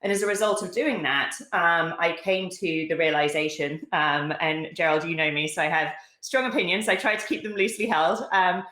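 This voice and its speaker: A woman's voice: fairly low pitch, normal speed, few pauses, bright, forceful tone, roomy sound. A middle-aged woman from London with a British accent, speaking as a guest on a video call, articulate with many fillers. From London, England. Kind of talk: casual interview talk.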